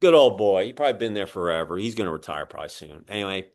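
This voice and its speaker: Animated man telling stories. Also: low-pitched, fast talker. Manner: animated storyteller, acts out other people's voices. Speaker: podcast host and publisher. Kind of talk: casual interview chat.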